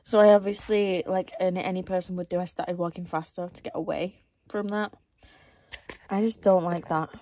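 A woman's voice: on the low side, steady tone, moderate pace, warm tone, dry recording. A young woman vlogging in a casual rant, rambling and exasperated, often dropping to a whisper. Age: young adult. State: out of breath; tired.

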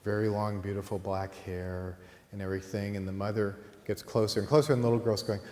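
A man teaching at a college, telling a story in a lively way and acting out the characters. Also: fairly low pitch, brisk, reverberant, long reverb tail. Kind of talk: storytelling during a lecture.

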